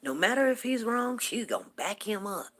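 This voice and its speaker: A woman's voice: medium pitch, sing-song, normal speed, a bit bright, slight background noise. A woman in her fifties hosting a casual morning talk stream, telling rambling, chatty stories to her viewers. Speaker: morning talk show host. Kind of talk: casual chat on a livestream.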